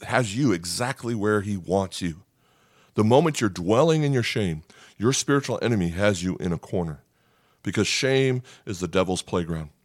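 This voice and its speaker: A man preaching a sermon as pastor, in a conversational, animated way, sometimes acting out voices. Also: on the low side, dry recording, studio quality.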